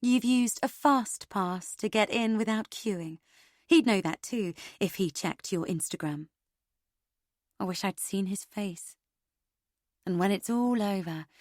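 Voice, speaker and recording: A woman narrates a suspense audiobook with dramatic flair, swinging between loud, high bursts and low, quiet lines. Her voice sits in a middle range and is recorded close and dry, with no room sound around it. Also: dry recording. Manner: dramatic, expressive reading with sharp swings in pitch and loudness.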